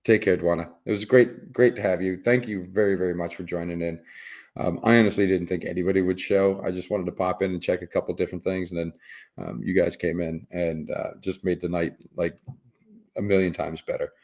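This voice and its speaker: A man's voice: low voice, steady tone, a little fast, darkish tone. A middle-aged man hosting a casual livestream, rambling and teasing his chat with frequent chuckles and repeated words. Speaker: livestream host reading chat.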